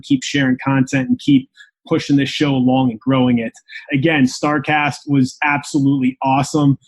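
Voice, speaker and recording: A man hosting a wrestling podcast, chatting in an upbeat way and giving shout-outs to listeners. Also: mid-range voice. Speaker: podcast host. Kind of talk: casual podcast chat.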